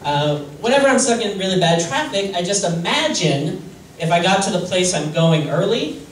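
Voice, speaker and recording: A man doing a stand-up comedy set on a club stage, deadpan and self-deprecating, hesitant with many fillers. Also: high voice, normal speed. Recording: roomy distant club recording with noise.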